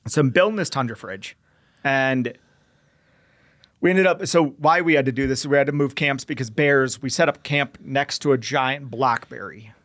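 A man's voice: mid-range voice, normal speed. A young man telling a story in a casual interview, acting out bits of radio talk as he goes. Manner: animated storyteller who acts out radio dialogue. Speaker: guest, veteran entrepreneur.

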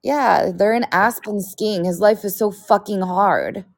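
A woman's voice: mid-range voice, measured pace, creaky, no echo, clean studio sound. A woman co-hosting a podcast, venting in casual chat with frequent swearing. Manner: exasperated venting, profane. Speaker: podcast co-host.

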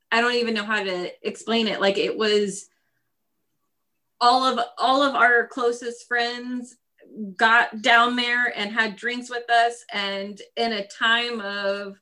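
A woman speaks in a casual interview, recounting her experience in a bright, clear tone. She laughs often between her sentences. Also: fairly high pitch. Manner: laughs often while telling her story. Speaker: guest.

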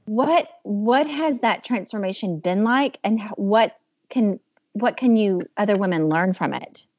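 Hosting a podcast, this woman puts casual interview questions in a roundabout, reflective style full of fillers. Her voice is medium in pitch, a little mellow, and measured in pace, recorded dry. The audio comes across dull and a bit muffled.

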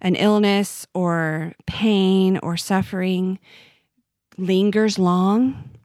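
A woman's voice: mid-range voice, fairly even intonation, drawn-out words, darkish tone, dry recording, studio quality. A woman speaking as a podcast guest, earnest and reflective as she talks about her faith. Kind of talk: conversational interview.

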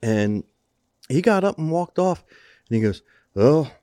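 A man who owns a rodeo arena, telling a lively story in casual podcast chat and acting out what people said. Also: a little high, unhurried, no echo, studio quality. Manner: animated storyteller acting out quotes.

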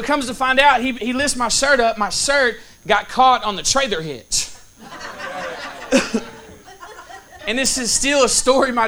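A man delivers a sermon in a very high voice with a bright, forceful edge. He talks in a folksy, casual way and tells stories, pausing to ask for an answer from his listeners. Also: creaky. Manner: storytelling with call-and-response asides. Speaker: preacher.

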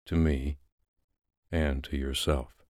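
Male reader doing a possessive boss, slow, low and dry. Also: steady tone, darkish tone, no room sound. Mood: quietly insistent. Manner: commanding, low and deliberate.

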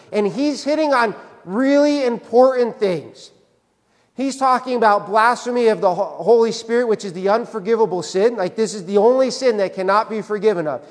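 A man's voice: high voice, darkish tone, long reverb tail. A male pastor preaching a sermon in a church, conversational, often tagging his points with "right?". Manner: conversational, repeats "right?" for emphasis. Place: church sanctuary.

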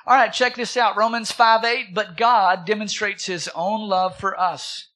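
Bright-voiced preaching man. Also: high voice, measured pace. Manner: animated preaching, repeats words for emphasis, asks the congregation questions. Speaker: pastor. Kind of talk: sermon.

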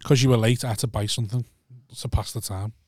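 A man's voice: fairly low pitch, fairly even intonation, quick pace, mellow, no room sound, clean studio sound. A man co-hosting a podcast, playful and self-mocking in casual banter. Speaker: podcast co-host.

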